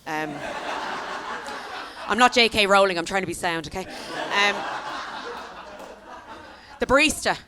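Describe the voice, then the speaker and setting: A woman in her thirties with an Irish accent, performing a chatty, animated stand-up set on a comedy club stage, tossing quick asides to the crowd. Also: mid-range voice, noisy background. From Ireland. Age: 30s.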